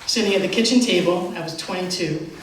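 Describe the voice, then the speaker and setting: A middle-aged woman telling a live personal story on stage, animated and self-mocking, with quick asides. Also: lowish voice, crowd noise. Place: theater stage. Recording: echoey theater from far off.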